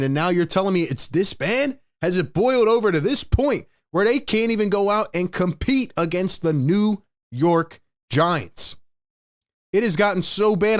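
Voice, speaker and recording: A young man hosts a live postgame stream, his voice sitting a little high. He rants with exasperation, hammering points home by saying them twice. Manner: exasperated, emphatic, repeats lines for effect. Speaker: sports show host.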